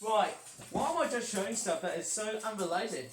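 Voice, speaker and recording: Grumpy ranting vlogger, bursts into shouts. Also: medium pitch, lively intonation, normal speed, a little hiss or hum. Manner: rambling, repeats and restarts often. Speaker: toy review vlogger. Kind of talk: ranting commentary vlog.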